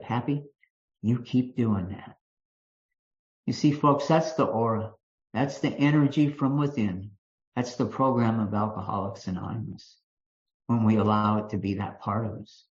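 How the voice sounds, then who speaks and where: A man's voice: medium pitch, normal speed, a little mellow. An older man from Kentucky with a Kentucky accent, speaking as a speaker at a recovery meeting and telling a folksy personal story with restarts and fillers. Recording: dull lo-fi meeting recording.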